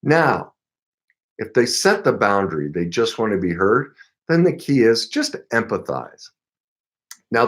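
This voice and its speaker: Speaking with a fairly low pitch, a middle-aged coach offers relationship advice to camera. He's earnest and emphatic, at times acting out quick example exchanges.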